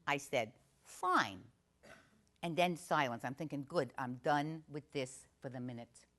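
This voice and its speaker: A woman's voice: deep voice, fairly bright tone. A woman playing a brash, chatty Italian-American aunt from northern New Jersey, telling a comic story in a confiding way with a New Jersey accent. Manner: chatty, confiding, asks the audience questions.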